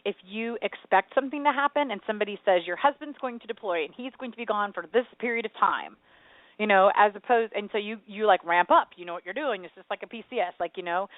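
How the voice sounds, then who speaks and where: A woman's voice: medium pitch, no echo. Woman co-host, chatty and rambling, over a thin phone-like radio signal. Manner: chatty, rambling, animated storytelling. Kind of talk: casual chat. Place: home. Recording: tinny phone-like radio sound, dry.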